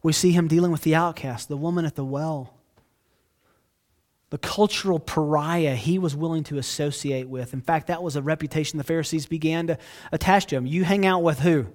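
A man with a somewhat high voice delivers a sermon as a pastor, earnest and conversational. He turns to his listeners with asides and moves between hushed, quiet stretches and sudden loud, emphatic bursts. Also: steady tone, brisk. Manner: dynamic, swings from hushed to loud outbursts.

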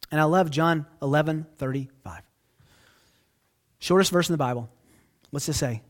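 Male pastor, fairly high voice, earnest conversational sermon, dynamic from hushed to loud. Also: normal speed. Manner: earnest, conversational preaching with asides to listeners.

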